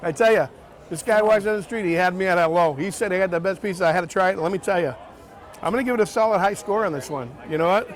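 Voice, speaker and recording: A man's voice: high-pitched, fast talker. A man hosting a casual festival vlog outdoors, chatty and enthusiastic as he tastes and praises food. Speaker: vlog host.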